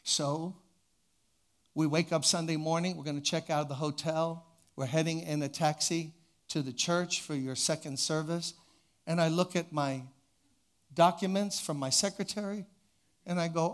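An older man preaching in a church, telling a story with animation and then leading a quiet prayer. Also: fairly high pitch, fairly even intonation, moderate pace. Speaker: pastor. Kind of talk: sermon with storytelling.

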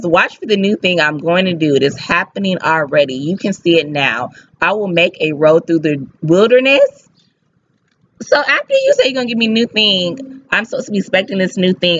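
An excited woman talks through a scripture passage in a casual devotional vlog. She talks in a quick, lively way and her pitch jumps around. The recording is slightly dull, with a faint hiss. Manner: excited, fast-talking, lively. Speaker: faith vlogger.

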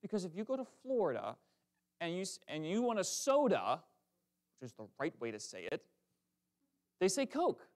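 A man preaching a lively, conversational sermon in a church, with quick asides and self-corrections. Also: a little high. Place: church sanctuary.

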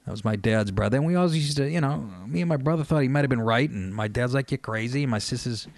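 A man hosting a radio show, telling family stories in a loose, profane, animated comedic monologue. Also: medium pitch, quick pace, no echo. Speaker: radio host.

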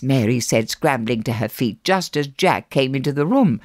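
A woman narrating a children's novel in an expressive storytelling manner. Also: rumbling low, normal speed, hardly any pauses, no room sound, studio quality. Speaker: audiobook narrator.

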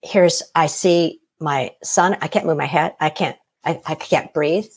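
A middle-aged woman telling her own story as an interview guest, animated, laughing often and acting out what others said. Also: deep voice, measured pace, husky. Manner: animated, laughs often, acts out quoted voices. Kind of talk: personal story in conversation.

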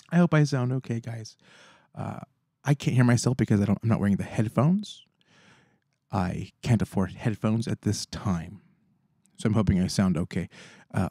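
A man's voice: on the low side, lively intonation, normal speed, dark tone, dry recording. Playful rambling man, dry close sound. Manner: playful, theatrical storytelling with quoted voices; chatty, rambling, self-mocking. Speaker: food vlogger. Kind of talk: casual chat to camera.

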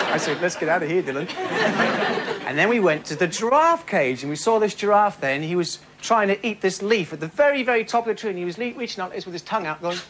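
A man's voice: high-pitched, expressive, brisk. A man telling rambling jokes in a stand-up routine on a comedy club stage. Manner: rambling, self-interrupting joke telling. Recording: noisy live club recording.

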